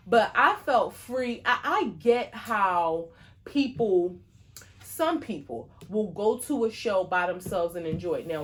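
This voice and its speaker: A woman co-hosting a podcast, chatting casually and telling a story with lots of fillers. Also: medium pitch. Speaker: podcast co-host. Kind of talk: casual chat.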